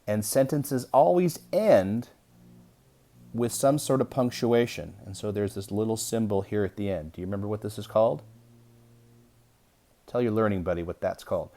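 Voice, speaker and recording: A young adult man teaches an early-grade reading lesson, reading aloud to young children slowly and deliberately. His voice is lowish with a dark tone.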